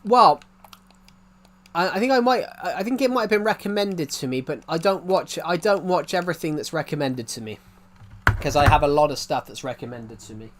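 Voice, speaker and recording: A man's voice: fairly high pitch, expressive, brisk, a little hiss or hum. A young British man streaming a game, chatting casually with viewers, stumbling over restarts and joking back at chat. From Britain.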